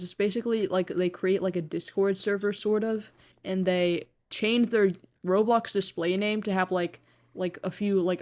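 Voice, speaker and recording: In a mid-range, slightly mellow voice, a young woman chats casually while live-streaming a game. Her talk rambles with many fillers, and she swears freely and mocks herself.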